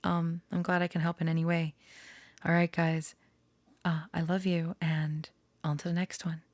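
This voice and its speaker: A woman's voice: fairly low pitch, flat delivery, normal speed, no echo. A woman vlogger chatting casually close to the mic, laughing often, rambling and apologetic. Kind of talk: casual chat.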